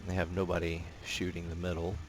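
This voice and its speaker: A man with a low, deep voice chats casually while he plays a naval warfare game, drifting between tactics and stories with plenty of "uh"s and restarts. Faint game music hums underneath his voice. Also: brisk. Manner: relaxed rambling, frequent fillers and restarts. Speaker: gameplay commentator. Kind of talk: casual gameplay commentary.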